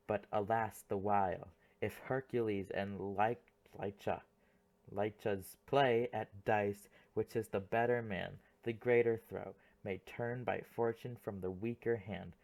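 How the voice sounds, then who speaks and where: A man's voice: fairly low pitch, a little mellow. A man voicing a proud, boastful prince suitor, declaiming verse in an audiobook play reading.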